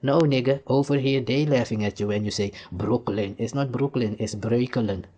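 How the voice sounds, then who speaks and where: A man's voice: medium pitch, a little fast, a little mellow, highs cut off. A man from Suriname with a Surinamese accent, lecturing the viewer in heated, repetitive reaction commentary. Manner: heated, lecturing, repeats "you see" and "nigga". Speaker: commentator reacting to archive clips.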